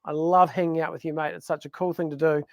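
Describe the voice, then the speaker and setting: High-voiced man joking on a podcast. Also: flat delivery, fast talker, vocal fry, dry recording. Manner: joking, rambling, exaggerates for laughs. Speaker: podcast co-host. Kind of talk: casual banter. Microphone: studio microphone.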